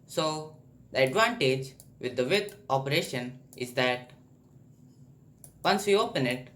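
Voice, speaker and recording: A man's voice: fairly high pitch, bright, forceful tone. A man teaching a screen-recorded coding tutorial, explaining step by step and thinking aloud as he types. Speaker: programming tutor. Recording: faint background noise.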